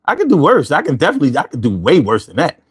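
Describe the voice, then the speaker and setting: High-voiced, profane man riffing on stream. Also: rapid-fire, slightly rough. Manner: profane, animated, riffs into rhymes. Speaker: podcast host reading chat comments. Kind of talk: casual livestream chat.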